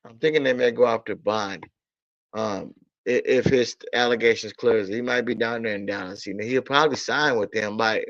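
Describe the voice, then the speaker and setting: A man's voice: medium pitch, a bit bright, no echo. A man ranting about football in a casual stream, blunt and profane, repeating himself in exasperation. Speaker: sports talk streamer. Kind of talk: casual sports rant. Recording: dull lo-fi audio.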